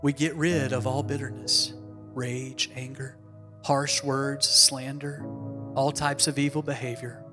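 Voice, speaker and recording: A man's voice: mid-range voice, flat delivery, a little slow, music in the background. A man, a pastor, preaching a sermon and telling a story with dramatic emphasis, acting out the voices of the people in it.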